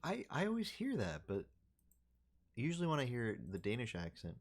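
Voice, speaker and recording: A man's voice: medium pitch, wildly swooping pitch, normal speed. A man streaming and chatting casually with his viewers, rambling and thinking aloud with lots of fillers and restarts. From United States.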